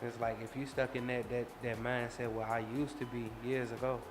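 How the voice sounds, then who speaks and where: A man who is a singer talking about his music in a relaxed, casual interview. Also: mid-range voice, fairly quick. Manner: laid-back, flat, frequent you know what I'm saying. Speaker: singer, guest. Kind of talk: casual chat.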